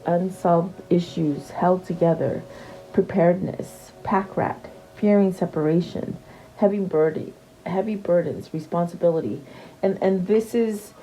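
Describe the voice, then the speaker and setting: A woman's voice: fairly low pitch, a little slow, mellow, slight background noise, rough recording. A woman giving a casual tarot reading, chatty and repeating her questions to the cards, with many fillers and restarts. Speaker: tarot reader.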